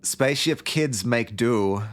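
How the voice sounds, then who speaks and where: A man's voice: medium pitch, slow pace, soft background music, close to an everyday voice. A man voicing a cheerful nonbinary spaceship kid artist in a quirky put-on accent.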